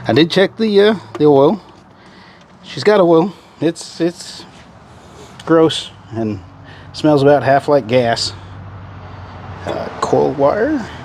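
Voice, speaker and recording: A man's voice: a little high, expressive, slow pace, long pauses, darkish tone. Folksy man in a noisy garage. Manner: folksy, chatty, talks to viewers while working. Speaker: car restoration vlogger. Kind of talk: casual workshop narration. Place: garage workshop. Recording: noisy garage with engine and tool sounds.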